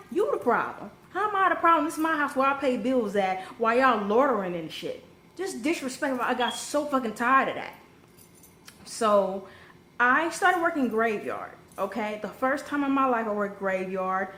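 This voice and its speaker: Blunt, profane woman telling a storytime vlog. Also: a little high. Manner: blunt, profane, animated storytelling with sudden rises. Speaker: vlogger telling a personal story. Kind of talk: casual storytime monologue. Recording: echoey room with faint background noise.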